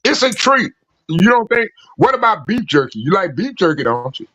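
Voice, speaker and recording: A man chatting casually as a caller on a live call-in stream, telling animated stories, laughing and acting out voices. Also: high-pitched, moderate pace, no echo, muffled recording. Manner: animated storyteller, laughs a lot, acts out voices. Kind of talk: casual banter. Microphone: remote call audio.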